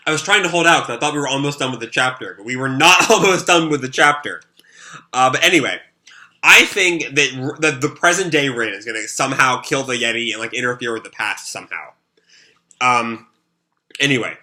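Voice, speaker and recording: A man's voice: mid-range voice, normal speed, bright, forceful tone. A man with a sore throat recapping a manga chapter live, rambling and full of fillers. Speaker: manga reaction host.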